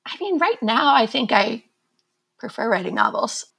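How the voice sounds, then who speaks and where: A woman's voice: on the high side, big pitch swings, moderate pace, gravelly, fairly bright tone, slightly rough. A woman author being interviewed, talking candidly and chattily and laughing at herself. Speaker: author guest. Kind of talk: casual conversational interview.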